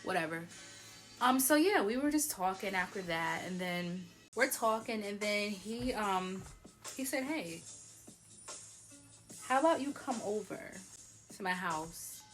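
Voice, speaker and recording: A woman's voice: mid-range voice, expressive, a little slow, pauses often, fairly bright tone, faint music behind. Chatty young woman telling a story. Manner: chatty, frequent "like", laughs often. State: tipsy from wine. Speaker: vlogger. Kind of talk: casual storytelling.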